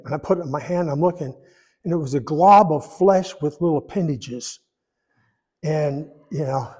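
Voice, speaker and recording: A man's voice: fairly high pitch, darkish tone. Older man telling a folksy testimony. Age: 80s. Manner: rambling, folksy storytelling with emotional pauses. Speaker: church member giving testimony. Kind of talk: personal testimony. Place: church sanctuary. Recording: echoey church hall.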